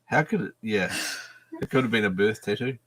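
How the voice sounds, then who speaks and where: A man hosting a livestream panel chat, answering silly questions with deadpan, absurd jokes. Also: fairly low pitch, fairly quick, breathy edge.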